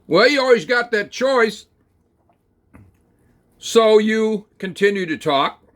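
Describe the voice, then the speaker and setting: A man telling a rambling, folksy second-person story, talking slowly through it with plenty of hesitations and fillers. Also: high-pitched, lively intonation, a bit bright. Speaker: channel host.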